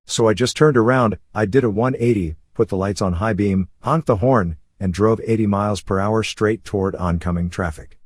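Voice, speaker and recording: A man narrating a first-person memoir in a steady, matter-of-fact storytelling way. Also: on the low side, slightly rough, no echo, clean studio sound.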